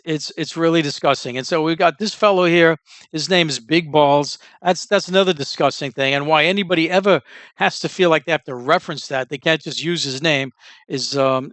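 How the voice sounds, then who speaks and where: A man's voice: fairly high pitch, a bit bright, no room sound. A man giving casual, indignant political commentary as the host, rambling with many restarts and fillers.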